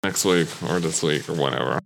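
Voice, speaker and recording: A man's voice: extremely low pitch, a little fast, gravelly, background noise. A man chatting casually before a tabletop game, rambling through a story, swearing a lot and laughing often.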